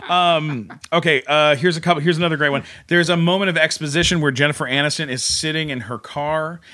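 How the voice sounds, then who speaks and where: A man speaking as a podcast guest, his voice bright and sitting somewhat high. He tells his stories with incredulous, animated energy and throws in quick asides as he goes. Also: slight background noise. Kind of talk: casual chat.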